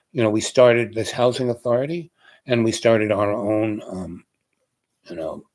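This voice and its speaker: A man's voice: on the low side, darkish tone. Older man reminiscing with rambling fillers. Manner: meandering, heavy on "you know" fillers. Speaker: storyteller.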